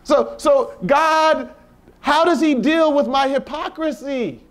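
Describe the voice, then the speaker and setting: A man's voice: very high-pitched, slow. A man leading a Bible study at a retreat, preaching informally with rhetorical questions and playful asides.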